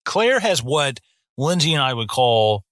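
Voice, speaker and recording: A man in his twenties talks in a loose, swearing rant, co-hosting a film podcast. His voice is bright, with a sharp edge. The sound is dry and close to the mic. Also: mid-range voice, very animated, unhurried, dry recording. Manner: profane, ranting, jumps into mock voices. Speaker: podcast co-host. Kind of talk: casual film-review chat.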